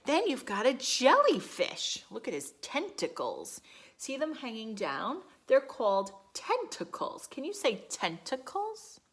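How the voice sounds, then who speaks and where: A woman reads a picture book to a circle of young children in a slow, unhurried way. Her voice swoops high and low in a sing-song storytelling manner, dropping to whispers and breaking into gasps. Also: wildly swooping pitch, a bit bright. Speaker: preschool teacher.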